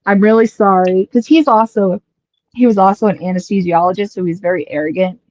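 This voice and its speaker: A young woman from Colorado casually telling a long personal story, rambling and quoting people in lively asides. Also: medium pitch, brisk, no echo, highs cut off. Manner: chatty, rambling, quotes others in lively asides.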